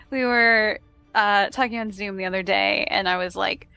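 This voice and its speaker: A woman's voice: medium pitch, measured pace, gravelly, sharp tone, clean tone, dry recording, lo-fi sound, faint music behind. A woman co-hosting a podcast in casual chat, easygoing and laughing often. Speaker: podcast co-host and editor.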